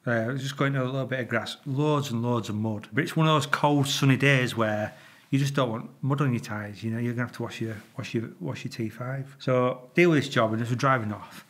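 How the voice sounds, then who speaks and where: A man's voice: mid-range voice, a little fast. A middle-aged man with a Yorkshire accent, a retired traffic police officer, telling stories casually to camera, swearing freely and acting out sound effects. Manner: animated, swears freely, makes sound effects, stumbles and repeats.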